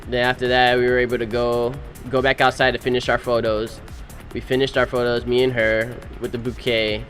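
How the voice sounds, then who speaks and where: A man's voice: mid-range voice, soft background music. Slangy young man telling a story. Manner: animated, slangy storytelling with quick voice-acted quotes. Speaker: groom. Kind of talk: casual narration over wedding photos.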